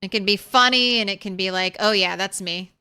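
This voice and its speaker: A woman's voice: medium pitch, brisk, sharp tone, clear, resonant tone. A young woman streaming a video game, chatting casually with viewers and talking sweetly to her cat. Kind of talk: casual live-stream chat.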